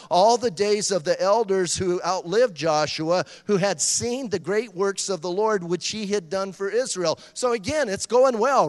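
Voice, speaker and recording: A middle-aged man preaching a sermon in a lively, conversational way, joking and acting out voices. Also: high-pitched, no echo, long reverb tail. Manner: animated, conversational preaching with jokes and acted-out voices. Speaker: pastor.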